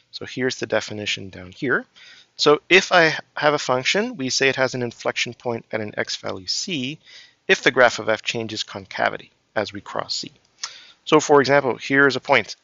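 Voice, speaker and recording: Male lecturer, patient step-by-step explainer with many "um"s, crisp edgy tone, dry close sound. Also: mid-range voice, pushed and bright, no echo. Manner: explains step by step with frequent "um" and "right?". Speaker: math professor. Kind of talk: recorded calculus lecture. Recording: dry, slightly dull lo-fi recording.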